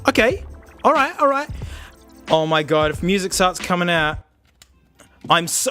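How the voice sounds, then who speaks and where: Young guy rambling about old gadgets, high voice that swings all over, soft music underneath. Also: measured pace, long pauses. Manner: excitable, jokey, loud bursts of laughter. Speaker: tech video host. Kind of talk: casual tech review vlog.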